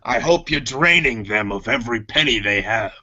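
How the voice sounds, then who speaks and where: A man voicing a gruff, four-armed male alien mechanic boss in a tabletop space game, hearty with friends and bossy with his crew. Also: medium pitch, expressive, normal speed, bright, forceful tone, highs cut off. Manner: hearty, then bossy and scolding.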